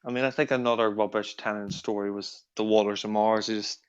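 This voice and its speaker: A man's voice: on the low side, fairly even intonation, a little fast, noisy background. A man as guest in a casual fan chat, hesitant and often restarting. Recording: dull lo-fi audio.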